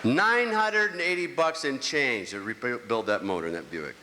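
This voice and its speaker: A man in his sixties doing a stand-up comedy routine on a theater stage, ranting animatedly and swinging between grumbling and squeaky outbursts. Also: animated, moderate pace, pushed and bright. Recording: echoey hall, clear crowd noise. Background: audience.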